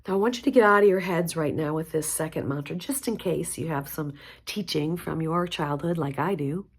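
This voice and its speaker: A woman leading a guided mantra practice, speaking gently and encouragingly. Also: sits low, fairly quick, slightly rough. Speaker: spiritual teacher.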